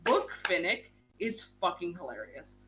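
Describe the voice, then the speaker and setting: A young woman hosting a book club stream in casual chat, talking in a quick, gushing way and swearing casually. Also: on the low side, big pitch swings, sharp tone, slightly rough, faint music behind.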